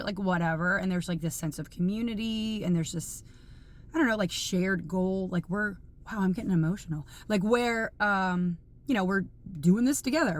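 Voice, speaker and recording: A woman in her forties talking casually in a training journal vlog, chatty and rambling, openly emotional. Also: medium pitch. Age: 40s. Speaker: vlogger.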